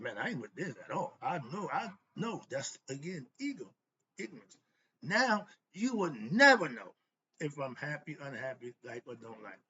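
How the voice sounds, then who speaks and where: A man's voice: a little high, a bit bright, muffled recording, a little hiss or hum. A man giving a motivational philosophy talk, emphatic and preachy, in casual slang, answering his own rhetorical questions. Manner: casual street slang, laughs often. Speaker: host.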